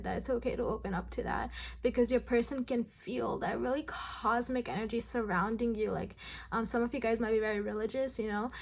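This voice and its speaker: Female tarot reader, slightly high voice with heavy vocal fry, rambling direct-address delivery. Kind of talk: pick-a-card tarot reading.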